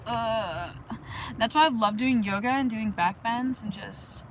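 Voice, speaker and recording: A young woman with a fairly high voice talks loosely to her livestream viewers, drifting from thought to thought and breaking into giggles and chanted words. Faint background noise sits under her voice. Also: a little slow, low-quality recording. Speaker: livestream host. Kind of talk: rambling casual livestream monologue.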